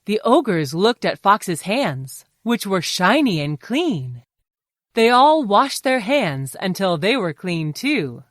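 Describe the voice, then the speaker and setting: Slow, lively woman reading a children's story. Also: medium pitch, no room sound, studio quality. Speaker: storybook narrator.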